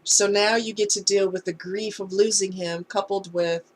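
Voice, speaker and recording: A woman's voice: mid-range voice, steady tone, moderate pace, a little hiss or hum. A woman talking candidly in a casual storytime vlog, conversational and heartfelt. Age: adult. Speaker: vlogger.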